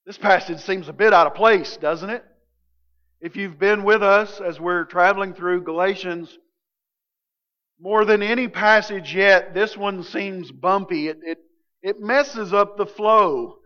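A man preaching a sermon as pastor, animated, swinging from loud emphatic lines to quiet low ones. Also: measured pace. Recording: dull lo-fi sound with long hall reverb.

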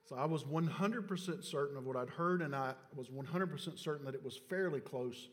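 Middle-aged male preacher, tells stories then builds to fervent exhortation; a slightly high voice ringing through a large sanctuary. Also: brisk. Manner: storytelling, swings from hushed confession to loud exhortation. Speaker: pastor. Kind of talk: sermon with personal story. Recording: long church reverb.

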